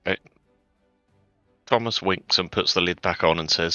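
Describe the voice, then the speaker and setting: Man, tabletop player, very low voice, forceful, brisk, dull lo-fi sound. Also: no echo, faint music behind. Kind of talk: casual tabletop play.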